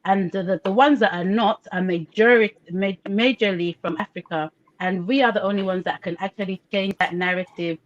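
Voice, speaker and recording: A woman's voice: mid-range voice, steady tone, brisk, hardly any pauses. A woman from Nigeria living in Britain, speaking passionately and emphatically on a video call, repeating her points for stress. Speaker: podcast co-host. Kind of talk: casual discussion on a video call. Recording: slightly dull lo-fi call audio.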